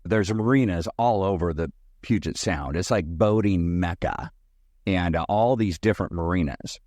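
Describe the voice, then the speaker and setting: A man voicing his brother as an upbeat, folksy salesman pitching a boat. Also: normal speed, a little mellow, no echo, close to an everyday voice. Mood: persuasive. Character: eager persuasive brother selling a boat, man.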